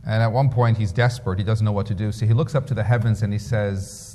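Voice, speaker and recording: A rabbi lectures in a measured, storytelling way and poses rhetorical questions to his listeners. His voice sits at an ordinary middle pitch. The sound carries the long reverb of a lecture hall. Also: mellow.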